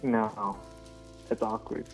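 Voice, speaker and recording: A man calling in to a stream as a fan, talking in a halting, earnest and emotional way. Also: fairly low pitch, level tone, faint music behind. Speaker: caller, fan. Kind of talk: casual call-in chat. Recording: tinny phone line.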